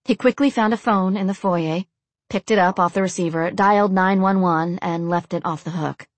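In a fairly low, steady voice, a woman narrates a grim story at a moderate pace. Nothing of the room comes through, and there's no echo, just a dry, close sound.

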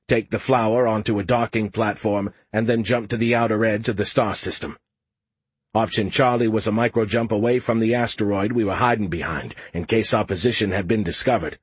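A man narrating a science fiction audiobook in the first person at a steady, measured pace. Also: on the low side, breathy edge, dry recording.

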